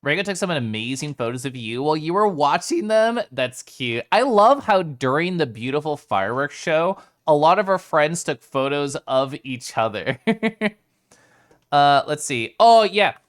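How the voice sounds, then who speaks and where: A live streamer chats loosely and playfully with viewers, pitch swinging widely between low and high. They laugh a lot and pause to greet people by name, staying very animated yet unhurried.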